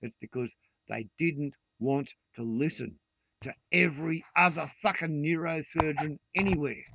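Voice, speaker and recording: A man's voice: on the high side, normal speed, gravelly. A man in his sixties with an Australian accent, ranting vehemently and swearing freely in a monologue to camera. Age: 60s. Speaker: vlogger. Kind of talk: angry rant to camera. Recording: dry tinny phone-like sound.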